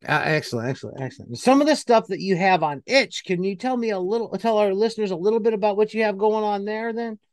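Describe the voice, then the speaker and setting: A man's voice: high voice, lively intonation, quick pace, few pauses, no room sound, clean studio sound. A man hosting an interview podcast, enthusiastic and prone to stammered restarts. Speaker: podcast host. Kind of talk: casual interview chat.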